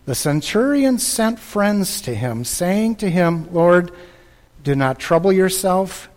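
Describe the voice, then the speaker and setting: A man preaching a sermon with passion, repeating phrases and swinging between loud bursts and hushed lines. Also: a little high, big-room sound. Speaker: pastor.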